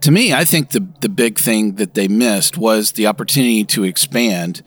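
A man's voice: lowish voice, moderate pace, a bit bright, dry recording. A man co-hosting a casual beer podcast, talking enthusiastically with fillers and restarts. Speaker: podcast co-host.

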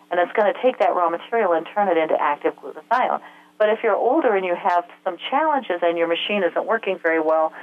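A woman speaks as an interview guest on health, earnest and methodical, with many small hesitations. Her voice sits on the low side for a woman. She comes through a thin, tinny telephone line. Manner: earnest, explains step by step with frequent filler sounds. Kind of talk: explanatory interview answers.

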